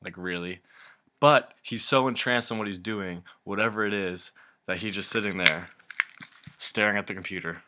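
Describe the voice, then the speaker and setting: A man's voice: on the low side, normal speed, bright, forceful tone, a little hiss or hum. A young man ranting casually to camera, rambling and exasperated, swearing a lot and often breaking into laughter. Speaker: vlogger.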